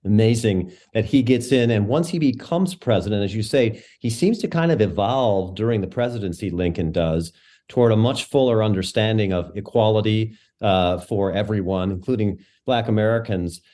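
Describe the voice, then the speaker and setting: A man hosting an interview, asking thoughtful, halting questions with small stumbles. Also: lowish voice, warm tone. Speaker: interview host.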